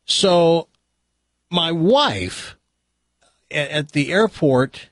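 A middle-aged American man hosts a radio show, spinning rambling anecdotes and voicing the people in them. His voice is a little husky and moves up and down a lot. The sound is dry and close. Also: on the high side, lively intonation, drawn-out words, dry recording. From United States. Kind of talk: casual storytelling chat.

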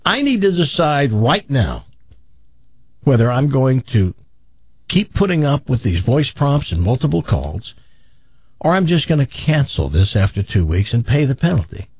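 A man's voice: medium pitch, big pitch swings, moderate pace, darkish tone, husky, dry recording, lo-fi sound. A man animatedly retelling a frustrating story, exasperated, acting out the people he quotes. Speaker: caller telling a story. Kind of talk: casual storytelling on a talk show.

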